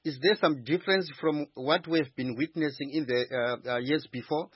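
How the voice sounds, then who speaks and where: A man's voice: a little high, moderate pace, husky, no room sound, muffled recording. A male radio co-host asking a reporter questions, with fillers between them. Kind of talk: radio news interview.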